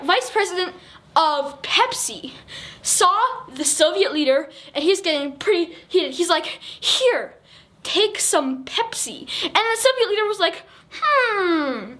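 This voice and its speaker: Very high-voiced rambling young woman. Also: fairly bright tone. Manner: rambling, self-correcting, giggly. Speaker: presenter explaining history. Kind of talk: casual explainer over on-screen pictures.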